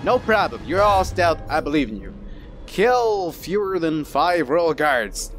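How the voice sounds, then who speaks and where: A playful man chatting through a game session with a lively, swooping delivery that keeps jumping up and down. He jokes and swears and drops into silly put-on voices. Soft game music sits behind him. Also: a little slow. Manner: playful, goofy and profane, breaks into silly high put-on voices. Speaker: video game let's player. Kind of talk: casual gameplay commentary.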